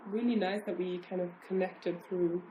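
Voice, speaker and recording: A woman's voice: on the low side, fairly even intonation, normal speed, mellow, slight background noise. A young woman recalling school days in a casual interview, chatty and full of "like". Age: young adult. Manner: chatty, filler-heavy with lots of "like". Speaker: former classmate.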